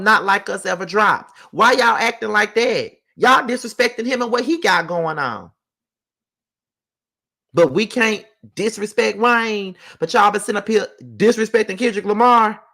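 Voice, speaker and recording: A man rants heatedly on his own vlog from home, full of profanity and repetition. His voice is high, bright and forceful, with vocal fry, and he talks at a normal speed in casual commentary.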